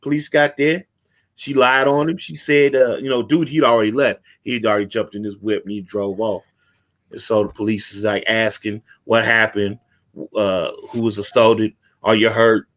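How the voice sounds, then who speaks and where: A man hosting a casual talk show, telling a street story with lively acted-out quotes. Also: lowish voice, moderate pace. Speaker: podcast host.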